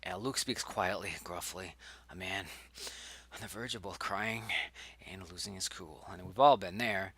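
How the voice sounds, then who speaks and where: In a slightly rough recording, a young man with a low voice works through his screenplay at a measured pace, thinking aloud in a casual way. He rambles and self-corrects, occasionally lowering to a whisper.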